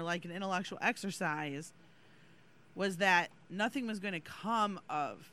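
A man's voice: high voice, sharp tone. A man co-hosting a podcast in casual chat, talkative and apt to dominate the conversation. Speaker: podcast co-host.

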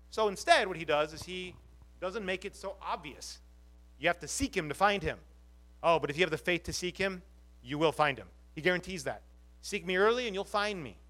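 A man with a high-pitched voice delivers a sermon from the pulpit of a church. As the pastor, he talks earnestly and leans on rhetorical questions to draw his congregation in. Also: pushed and bright.

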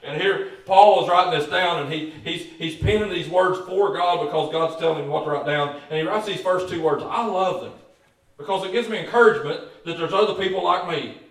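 A pastor preaching a folksy, joking sermon, often repeating words and calling out for amens. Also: male voice, high voice, fairly quick. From Kentucky. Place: church sanctuary. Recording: very echoey church, voice far from mic.

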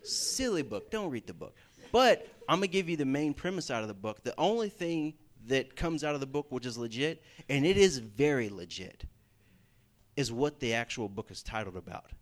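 Animated man preaching with lively pitch. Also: normal speed. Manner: animated, emphatic, repeats points for stress. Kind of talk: sermon.

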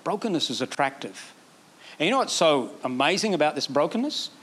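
A man. He is animated and lifts his voice sharply when he acts out quoted prayers. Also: on the high side, brisk, husky. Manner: animated preaching, acting out quoted prayers in a raised voice. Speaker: pastor. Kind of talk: sermon.

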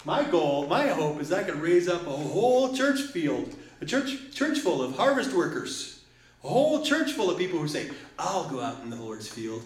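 A man preaching a sermon as pastor, moving between loud exclamations and quiet asides. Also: on the high side, normal speed. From Detroit. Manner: animated, swings from loud exclamations to soft asides. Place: church sanctuary. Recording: echoey room.

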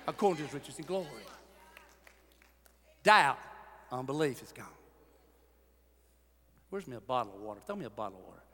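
A pastor preaching a sermon, animated, swinging between shouted lines and hushed ones. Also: male voice, mid-range voice, brisk, pauses often. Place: large church hall. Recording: long hall reverb.

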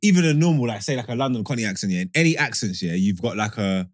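A man's voice: on the low side, animated, quick pace, no room sound, studio quality. A man co-hosting a podcast, rambling with restarts and slang in casual banter. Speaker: podcast co-host.

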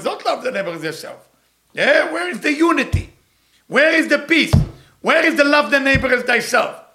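Middle-aged teacher, high bright gravelly voice, emphatic, keeps repeating his points. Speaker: Torah teacher. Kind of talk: animated Torah lesson.

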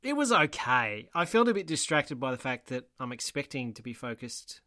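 A man's voice: medium pitch, very animated, moderate pace, bright, forceful tone, dry recording. A man co-hosting a book podcast, wry and dryly humorous. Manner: wry, dry humour. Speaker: podcast co-host. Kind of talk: scripted intro and casual chat.

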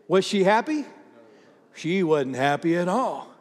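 A man's voice: high-pitched, a little slow. A man preaching a sermon, telling stories with acted-out voices and calling on the congregation to respond. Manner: animated storytelling, acts out voices, asks the congregation to respond. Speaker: pastor. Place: church hall with congregation. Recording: reverberant hall.

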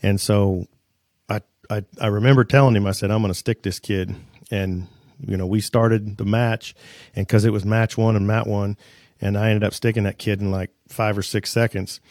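A man hosting a casual interview, telling a story in a hesitant, halting way. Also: on the low side, steady tone, darkish tone, no room sound, clean studio sound. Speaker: podcast host.

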